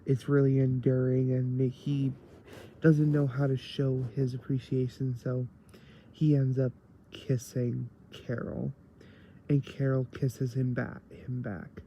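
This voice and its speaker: Man, casual episode review, tired, rambling with fillers, slow, gravelly, faint noise. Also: medium pitch, little pitch movement, dark tone. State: tired late at night.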